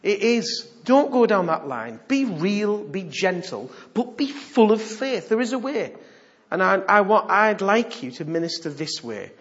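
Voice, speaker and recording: Animated preacher, dull recording. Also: male voice, high-pitched, a little slow. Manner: animated, humorous, swings from hushed to loud. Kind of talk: sermon.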